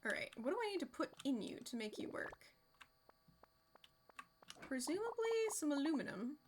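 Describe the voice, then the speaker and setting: A woman streaming a game, chatting excitedly and sometimes dropping to a soft whisper. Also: high-pitched, normal speed, background noise. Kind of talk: casual live-stream commentary. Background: game music.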